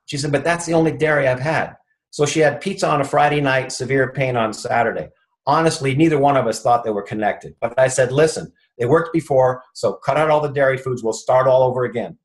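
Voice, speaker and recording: This male chiropractor, a guest in an interview, has a medium-pitched voice that comes through on poor audio. While telling an anecdote, he acts out the quoted speech of everyone involved.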